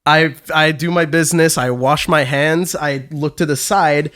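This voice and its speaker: A man's voice: a little high, fairly even intonation, a little slow, fairly bright tone. A man on a podcast telling a rambling, swear-heavy story in casual chat. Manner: profane, rambling anecdote with restarts. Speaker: podcast co-host.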